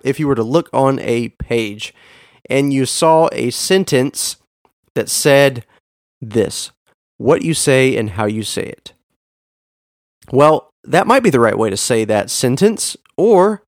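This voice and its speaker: An earnest male podcast host teaching in a direct, emphatic way, leaning hard on key words with sudden jumps in pitch. His voice sits in an ordinary middle register and sounds dry and close, with almost no room around it. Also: no echo. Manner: emphatic, stresses words with big pitch swings; earnest, addresses the listener directly.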